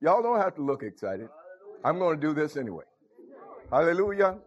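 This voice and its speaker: A man's voice: on the high side, big pitch swings, a little fast. A man preaching a folksy sermon, calling out to his congregation. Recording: dull lo-fi recording.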